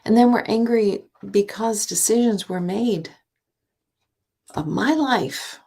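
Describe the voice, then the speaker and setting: A woman author giving a reflective self-help talk, asking herself rhetorical questions and often dropping into a soft, breathy near-whisper. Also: medium pitch, takes it slowly, long pauses. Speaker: author and divorce speaker.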